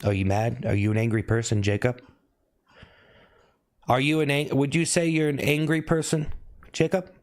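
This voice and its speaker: A man talking casually on a live stream, thanking viewers by name and asking if he looks upset, with sudden high whoops. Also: fairly even intonation, normal speed, pauses often. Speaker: livestreamer.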